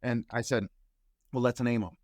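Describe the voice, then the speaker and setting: A man telling a personal story as a podcast guest, acting out the quoted dialogue with lively shifts in voice. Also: mid-range voice, moderate pace, no echo, studio quality. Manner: animated storyteller who acts out quoted dialogue.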